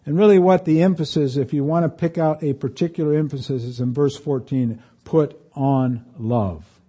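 Pastor, middle-aged man, fairly high and mellow voice, conversational sermon with scripture reading. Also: fairly even intonation, fairly quick, slightly rough. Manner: conversational preaching, reads scripture aloud, rises in pitch for emphasis.

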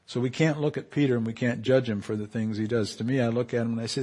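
A man preaching a sermon in an animated way, often repeating and restarting phrases and building to loud, emphatic peaks. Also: medium pitch, fast, hardly any pauses, slightly rough.

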